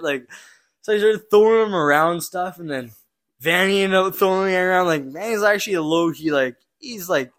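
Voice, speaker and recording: A young man with a somewhat high voice tells a story on a podcast. He talks loosely, swearing a lot and laughing, with many fillers. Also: animated, moderate pace, a bit bright. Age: young adult. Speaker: podcast guest, junior hockey player. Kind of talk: casual storytelling.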